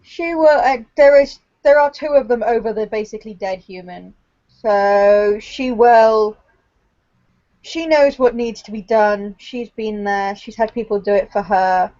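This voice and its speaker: A woman's voice: a little high, unhurried, warm tone. A woman playing a tabletop game, earnestly describing her character's actions in third person. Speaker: player. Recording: dull lo-fi recording.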